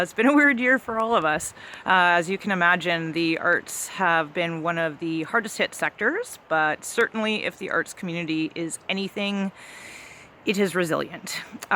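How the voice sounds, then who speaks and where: Woman, festival director, casual welcome talk, bright tone, frequent fillers, faint background hiss. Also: lowish voice. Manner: many fillers, small laughs, friendly and informal.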